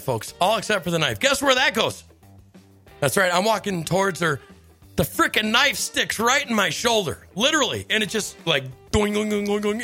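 A man hosting a radio show, telling stories in a lively casual chat and laughing often. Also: fairly high pitch. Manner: animated storyteller, laughs often. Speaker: radio host.

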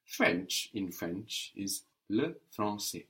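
A man's voice: lowish voice, expressive, takes it slowly, a bit bright. A man teaching a language lesson, patiently repeating and modelling words.

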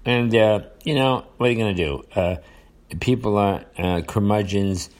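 A man's voice: lowish voice, normal speed, a little mellow. An older man with a New York accent talking casually to his viewers in a rambling, repetitive way, full of fillers and restarts. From United States. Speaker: vlogger. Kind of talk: casual monologue to camera.

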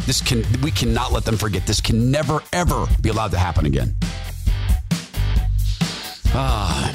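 A man hosting a talk podcast, delivering an impassioned opinion monologue and repeating phrases for emphasis. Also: on the low side. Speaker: podcast host, former radio host.

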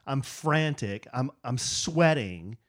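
A man's voice: mid-range voice, slow pace. A man co-hosting a podcast, telling a story in casual chat and acting out what people said to him. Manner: animated, acts out other people's lines in quotes. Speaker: podcast co-host.

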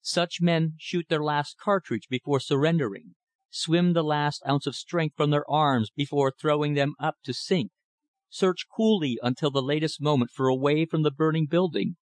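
A man narrating a novel in a measured, expressive reading. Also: on the high side, dry recording. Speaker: audiobook narrator. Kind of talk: scripted narration.

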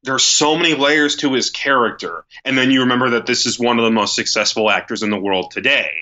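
Bright-voiced man chatting about movies. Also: mid-range voice, a little fast, lo-fi sound. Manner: animated, acts out quotes, repeats words when starting. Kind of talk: casual movie discussion.

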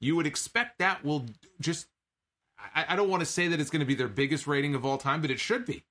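A man's voice: fairly high pitch, fairly quick, pushed and bright. A man hosting a podcast, giving an opinionated, casual recap of a wrestling show and quoting lines from it.

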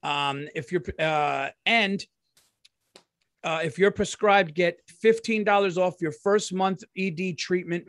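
A middle-aged man with a high-pitched voice co-hosts a podcast in loose, profane chat that breaks into laughter. The sound is dry and close, with no room echo. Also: slow, fairly bright tone. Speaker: podcast co-host. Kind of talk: casual podcast chat with ad read.

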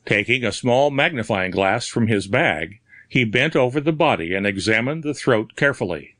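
A man narrating an audiobook ghost story in measured, expressive storytelling. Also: medium pitch, no room sound. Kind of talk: scripted narration.

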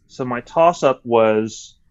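A man's voice: mid-range voice, takes it slowly. Guest: adult man, loose rambling talker, curses freely, dull recording. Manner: rambling, swears a lot, many restarts. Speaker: podcast guest. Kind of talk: casual chat.

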